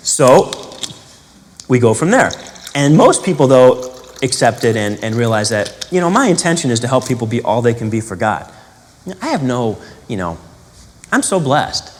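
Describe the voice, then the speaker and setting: A man giving a spiritual teaching in an animated, conversational way, asking rhetorical questions and acting out quotes. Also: mid-range voice, moderate pace, in a large hall, slight background noise.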